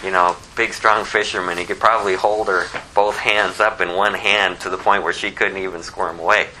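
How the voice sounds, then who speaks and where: A man preaching a sermon in a conversational, animated way, acting out the lines he quotes. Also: deep voice, moderate pace, a little hiss or hum, poor audio. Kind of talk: expository sermon.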